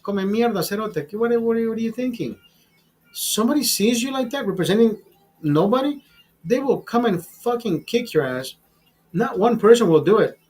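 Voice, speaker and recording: A man hosting a live stream, ranting in a casual, profane and animated way. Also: high-pitched, breathy edge. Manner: profane, animated, laughs at his own bits. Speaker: show host.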